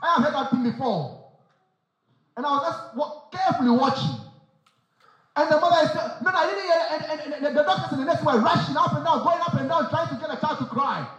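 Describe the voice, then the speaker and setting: A man's voice: very high-pitched, a little fast, fairly bright tone, faint music behind. A man preaching a sermon, emphatic, firing off rhetorical questions and repeating phrases. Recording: very echoey, dull sound.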